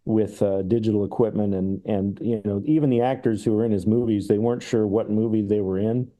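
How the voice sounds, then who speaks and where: A man's voice: lowish voice, steady tone, fairly quick, dark tone. A man talking casually as a podcast guest about film, thoughtful and musing, who acts out comedy sketches as he retells them.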